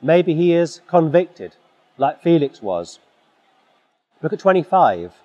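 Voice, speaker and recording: A preacher delivers a forceful, exhorting sermon in a slightly high voice. The sound is dull and muffled, with a long reverb from a large hall. He clears his throat now and then. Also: big pitch swings, slow pace.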